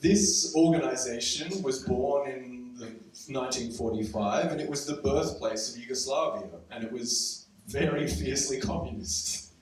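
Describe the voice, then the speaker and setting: A man's voice: mid-range voice, normal speed. A young man from Serbia, raised in Australia, telling a wry, conversational story to a live audience with frequent ums. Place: event room before a live audience. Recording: very echoey room from far off, faint noise.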